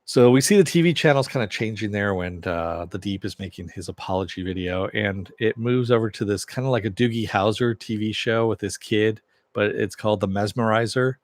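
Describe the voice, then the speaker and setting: A man's voice: fairly low pitch, a little fast, no echo. A man giving a casual, chatty recap of a TV episode, with lots of fillers and chuckles as he retells scenes. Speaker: TV series reviewer.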